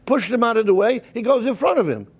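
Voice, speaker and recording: A man giving a storytelling sermon as a rabbi, animated and mixing in Hebrew and Yiddish terms. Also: extremely high pitch, fast talker, breathy edge. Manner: animated, acts out the people in his stories.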